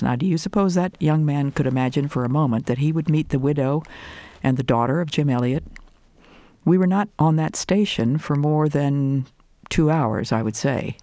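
An older woman giving a devotional talk, telling a personal story and reciting names of God in an earnest, measured way. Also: sits low, warm tone, no echo. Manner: earnest, measured, lists scripture names slowly. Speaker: Christian speaker.

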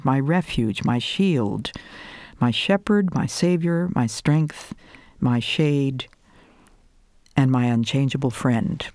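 An older woman giving a devotional talk, telling a personal story and reciting names of God in an earnest, measured way. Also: rumbling low, mellow, dry recording. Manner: earnest, measured, lists scripture names slowly. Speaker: Christian speaker.

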